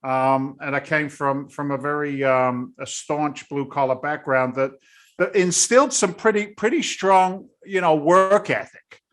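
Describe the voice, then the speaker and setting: Blunt, animated man. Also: fairly high pitch, unhurried. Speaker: guest, real estate investor. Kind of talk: casual interview storytelling.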